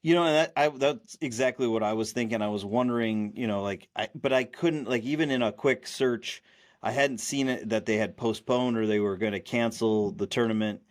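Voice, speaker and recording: A man's voice: medium pitch, moderate pace. A man co-hosting a podcast in casual chat, rambling with many restarts and fillers. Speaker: podcast co-host.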